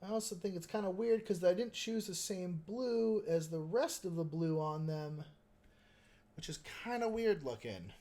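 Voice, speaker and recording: A man's voice: sits high, lively intonation, normal speed, mellow. A man hosting a live stream, chatting casually and meandering while he explains his painting technique and answers viewers.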